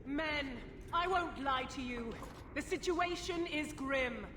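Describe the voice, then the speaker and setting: A woman's voice: high-pitched, slow pace, roomy sound, big-room sound, background noise. A woman voicing a defiant female commander who gives a rousing, declamatory speech to besieged warriors in a video game cutscene.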